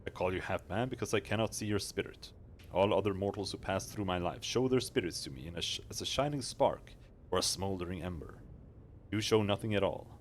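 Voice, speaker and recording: A man's voice: low-pitched, fairly quick, slight background noise, close to an everyday voice. A man voicing an aloof mystic woman in a fantasy game who can reshape souls, speaking in a grave, archaic, condescending way. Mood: solemn.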